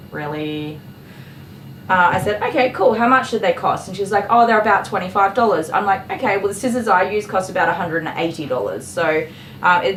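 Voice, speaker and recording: A woman's voice: lowish voice, fairly bright tone. A dog groomer hosting a casual livestream, a woman telling stories about a customer in a chatty, exasperated way. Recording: echoey room with faint clipper noise.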